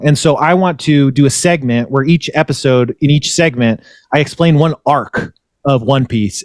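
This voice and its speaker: A man's voice: medium pitch, dry recording, studio quality. A man hosting a podcast, retelling a story in a rambling way and correcting himself often. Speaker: podcast host. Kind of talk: casual chat.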